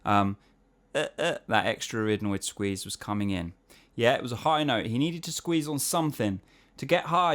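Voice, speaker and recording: A male voice teacher walks through technique in a relaxed, conversational way. He breaks into quick sung syllables to demonstrate, then drops back to easy talk. His voice is smooth and resonant, sitting at a middle pitch. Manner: explains technique, then sings short vocal exercises to demonstrate; casual, chatty, uses "yeah?" and "man". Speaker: singing teacher. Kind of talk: online singing lesson answering viewer emails.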